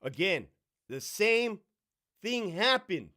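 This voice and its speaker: In this Q&A livestream, the middle-aged male host is an animated, swearing storyteller who brashly imitates the people he talks about. His voice is high-pitched and his pace slow.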